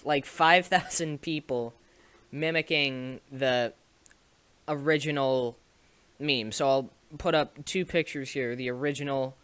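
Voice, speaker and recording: A young man recounts a story to his viewers in an unhurried, rambling way, restarting sentences and laughing a little. His voice is bright and clean. The sound is dry and close. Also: mid-range voice, smooth, no room sound. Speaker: streamer and video maker. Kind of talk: casual storytelling to camera.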